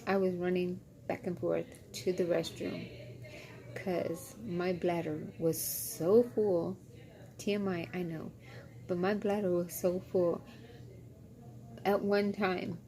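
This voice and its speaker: A woman's voice: fairly low pitch, level tone, slow pace, warm tone. A young woman chatting casually on her vlog, retelling workplace gossip in a ranting way. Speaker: vlogger. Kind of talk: casual chat.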